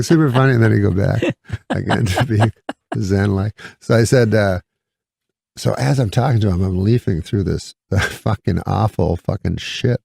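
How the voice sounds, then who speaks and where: A comedian guest with a low, gravelly voice tells long, rambling anecdotes in a dry, deadpan style, often chuckling at his own stories. He speaks at a moderate pace, and the recording is close and dead with no room sound.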